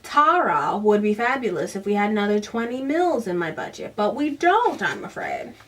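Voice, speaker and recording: A woman's voice: mid-range voice, very animated, moderate pace, a bit bright, distant mic, a little hiss or hum. A woman voicing a smug, pompous male film director in an attempted accent, reading from a book. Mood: haughty. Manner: haughty drawl, attempted accent.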